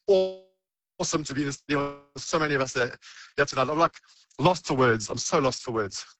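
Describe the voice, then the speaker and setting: Breathless, gushing South African man, fast. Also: a little high, a bit bright, dry recording. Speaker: guest. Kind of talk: excited phone-in interview. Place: outside stadium at night.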